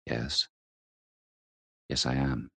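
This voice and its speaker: A man's voice: extremely low pitch, level tone, drawn-out words, vocal fry, no room sound, far from the mic, full character voice. An actor playing a troubled, uneasy fireman in a radio drama, giving short, hesitant replies.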